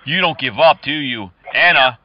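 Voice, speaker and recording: A man's voice: mid-range voice, expressive, normal speed, muffled recording, crowd noise. A man making prank calls, teasing and flirting with pick-up lines. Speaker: prank caller. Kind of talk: prank phone call.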